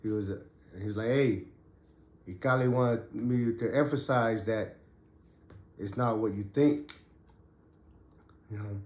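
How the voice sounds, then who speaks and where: A man's voice: on the low side, unhurried, pauses often, a little mellow, reverberant. A man casually telling a story from his prison days in street slang, getting over a cough. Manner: street slang, loose and conversational. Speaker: podcast host and ex-prisoner.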